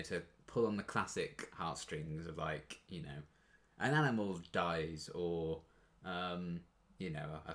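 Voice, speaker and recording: Deep-voiced man gushing casually. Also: a bit bright. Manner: gushing, rambling, chatty. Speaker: reaction video host. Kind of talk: casual reaction commentary.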